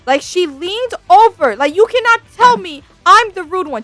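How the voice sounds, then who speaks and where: High-pitched girl ranting about her bad day, swears a lot, soft music behind. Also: normal speed, no room sound. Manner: profane, exasperated, animated. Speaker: vtuber storyteller. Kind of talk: casual storytime rant. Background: faint background music.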